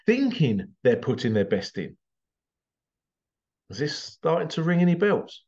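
A man delivering an animated, repetitive monologue to camera as a vlogger. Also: a little high, normal speed, highs cut off. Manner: animated, repetitive, acts out quotes in exaggerated voices. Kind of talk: ranting monologue.

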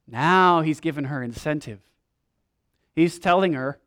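Male pastor with a higher-pitched voice, animated sermon delivery, slangy retelling of scripture. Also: unhurried, pauses often.

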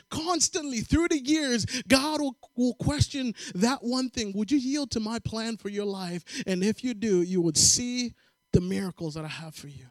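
Male preacher, higher register, dry sound; lively storyteller who acts out voices. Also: normal speed, no room sound. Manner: animated storytelling, acts out voices, call-and-response amens. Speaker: pastor. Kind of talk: sermon with personal story.

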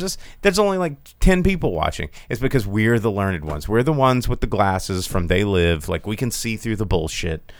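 A man's voice: mid-range voice, lively intonation, normal speed, few pauses, clean tone, no room sound. A young man hosting a podcast, ranting sarcastically in casual chat and swearing freely. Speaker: podcast host.

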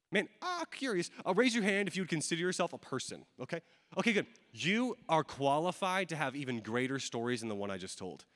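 A man's voice: fairly high pitch, a bit bright. A young man giving a sermon as a guest speaker to a congregation, telling a personal story in a casual, joking way. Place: large hall before a live congregation. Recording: long hall reverb.

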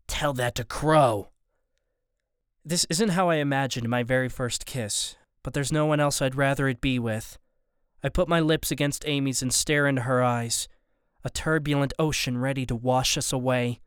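Smooth, dry male audiobook narrator. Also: mid-range voice, moderate pace, a bit bright, no room sound. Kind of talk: scripted first-person story narration.

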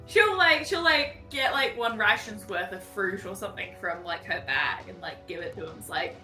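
A woman playing a tabletop game, chatty and quick, saying "like" a lot. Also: medium pitch, expressive, pushed and bright, faint music behind. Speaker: player. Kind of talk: casual tabletop play.

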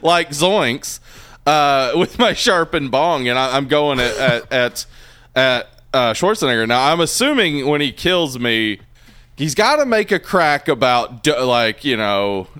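A man's voice: mid-range voice, expressive, a little slow, bright, forceful tone, smooth. A man co-hosting a casual movie podcast, joking and laughing as he riffs. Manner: laughing, joking, puts on voices for quips. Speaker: podcast co-host.

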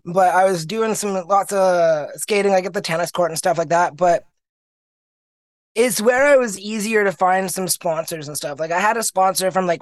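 Young Canadian man, high voice, dry close sound; guest who tells animated, acted-out anecdotes. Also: dry recording. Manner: animated storyteller, acts out quoted people. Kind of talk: casual interview chat.

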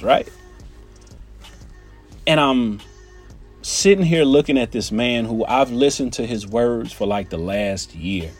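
Husky man telling a personal story. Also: mid-range voice, slow pace, long pauses, faint music behind. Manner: animated, addresses listeners, frequent "like" and "right?".

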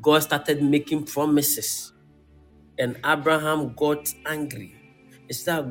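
A man's voice: fairly high pitch, slow pace, faint music behind. A man preaching a sermon, reading scripture aloud and checking in with his listeners. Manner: animated.

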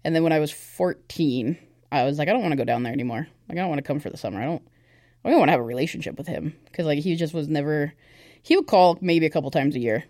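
In a dry, clean studio recording, a young woman talks fast in a low, slightly mellow voice. As a podcast guest giving a personal testimony in casual conversation, she's candid and uses lots of fillers.

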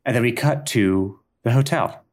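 A man improvising a comedic story in a relaxed, playful way. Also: medium pitch, moderate pace.

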